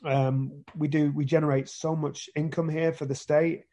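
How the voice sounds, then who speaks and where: British man, actor guest, casual interview, slightly high voice, frequent restarts. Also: flat delivery, normal speed, warm tone. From Britain. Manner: rambling with many restarts.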